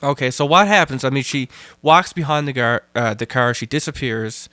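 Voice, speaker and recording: A man's voice: medium pitch, moderate pace, sharp tone, no room sound. A man hosting a podcast, questioning a guest and recapping her story back to her. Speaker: podcast host. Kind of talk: interviewing a guest.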